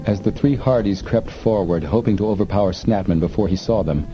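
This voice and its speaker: Male audiobook narrator, low and mellow, measured reading, muffled hissy audio. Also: faint music behind. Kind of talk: scripted narration. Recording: dull recording, faint hiss.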